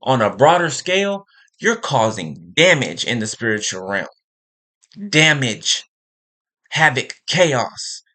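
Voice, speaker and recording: A man's voice: mid-range voice, very animated, takes it slowly, bright, forceful tone. A man giving an impassioned spiritual monologue, repeating phrases for emphasis and checking in with "right?" and "okay?". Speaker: spiritual speaker.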